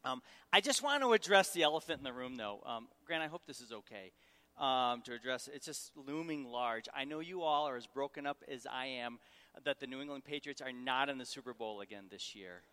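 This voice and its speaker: Humorous guest preacher in a hall. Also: male voice, medium pitch, animated, a little fast, bright, forceful tone. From Syracuse, New York. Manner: humorous, engaging the audience. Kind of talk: sermon. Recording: long hall reverb.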